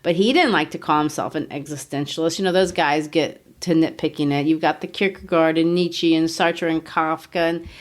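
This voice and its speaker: A woman's voice: sits low, fairly even intonation, moderate pace, hardly any pauses. A woman co-hosting a literature podcast, explaining ideas earnestly with rhetorical questions and easy laughs. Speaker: podcast co-host. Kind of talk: conversational literature discussion.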